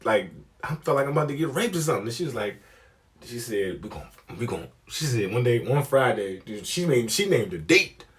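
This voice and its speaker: A young man telling a comic story, profane and animated, acting out the people he quotes. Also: medium pitch, brisk. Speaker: comedian. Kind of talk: storytelling comedy.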